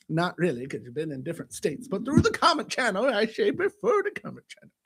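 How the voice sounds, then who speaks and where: A man hosting a casual live-stream chat, jokey and animated and given to breaking into silly voices. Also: sits high, fast talker, slightly rough. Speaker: host.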